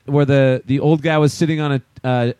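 A man co-hosting a casual comedy podcast, halting through stories with fillers and quick laughs. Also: medium pitch, steady tone, darkish tone, smooth, no echo. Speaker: podcast co-host.

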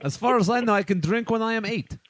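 A man's voice: high-pitched, fast talker. A man adding dry joking asides in a casual comic podcast chat. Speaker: podcast panelist.

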